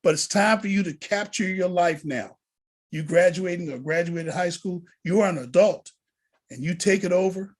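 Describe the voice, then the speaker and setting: A man who is a deacon, teaching a college prep lesson to students in an animated, preacher-like way over a video call. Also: high-pitched, normal speed.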